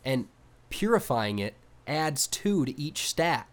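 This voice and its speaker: A young man co-hosting a podcast, telling stories in a casual, animated way with swearing. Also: medium pitch, slow pace. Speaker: podcast co-host. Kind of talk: casual chat.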